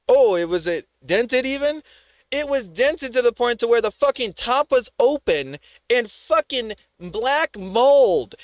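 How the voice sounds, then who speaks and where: A man's voice: sits high, a bit bright, no room sound. A man hosting a live stream, ranting furiously with heavy swearing about a bad delivery. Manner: furious, profane, emphatic. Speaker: streamer host. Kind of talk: angry ranting commentary.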